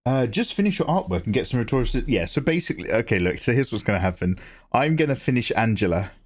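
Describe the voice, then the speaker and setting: A young livestream artist chats at his desk mic, reading viewer messages in a playful, jokey way with mock-grand asides. His mid-range voice is sing-song and he talks fast.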